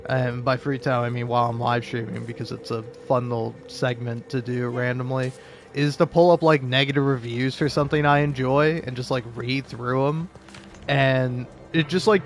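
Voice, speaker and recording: A man's voice: medium pitch, normal speed, a little hiss or hum. Rambling, profane young man streaming a game. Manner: rambling, profane, laughing asides. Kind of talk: casual gameplay commentary.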